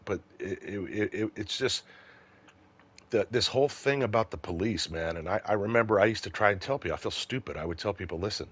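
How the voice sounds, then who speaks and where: A man's voice: lowish voice, brisk, breathy edge. A middle-aged man, once a police officer, telling a story in casual chat with a lot of swearing. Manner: profane, animated storyteller.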